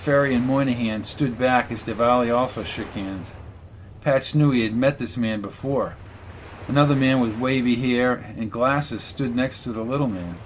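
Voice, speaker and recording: A man's voice: mid-range voice, moderate pace, a little hiss or hum. Man reading an audiobook steadily. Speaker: audiobook narrator. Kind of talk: scripted narration.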